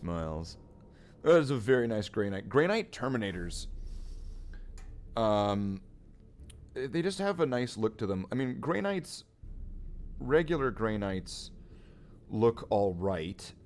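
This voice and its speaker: A man's voice: fairly low pitch, darkish tone, a little hiss or hum. A man chatting casually while painting miniatures on a hobby stream, rambling and joking as he thinks aloud.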